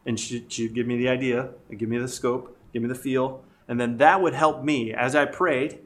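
A man's voice: medium pitch, fairly even intonation, normal speed. A middle-aged man telling casual, self-deprecating stories about marriage and parenting, laughing often. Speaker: guest speaker. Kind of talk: casual storytelling about family life.

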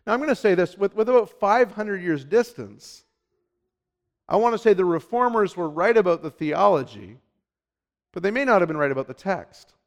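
A man preaching a sermon as pastor, emphatic, swinging from hushed lines to loud, urgent ones. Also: sits high, expressive, normal speed.

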